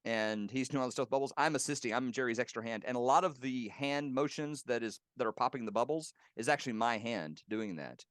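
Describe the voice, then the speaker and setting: A man's voice: medium pitch, fairly quick, hardly any pauses, dry recording, clean studio sound. A man, a professional puppeteer, fondly recalling colleagues in a casual interview and laughing now and then as he tells anecdotes. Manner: warm, reminiscing, laughs while telling anecdotes. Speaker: guest puppeteer. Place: home.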